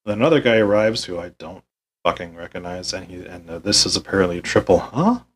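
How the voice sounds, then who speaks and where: Male podcast host, lower husky voice, tired deadpan sarcasm, swears freely. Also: brisk, low-quality recording. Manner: weary, deadpan, swears often. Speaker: podcast host recapping a wrestling show. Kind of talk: sarcastic play-by-play recap.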